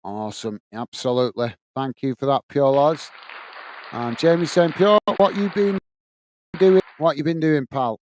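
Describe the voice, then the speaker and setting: Slight hiss or hum sits under a medium-pitched, darkish male voice speaking at a moderate pace. He is an English watchalong host on a live football stream, chattily describing the play and reading out messages from his viewers.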